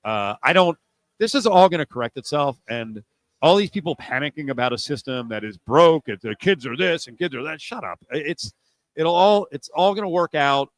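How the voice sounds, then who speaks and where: Brash sports radio host, dry studio. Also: male voice, on the high side, normal speed, dry recording, low-quality recording. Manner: animated, sarcastic, mocking voices for effect. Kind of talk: sports talk radio banter. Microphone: studio mic.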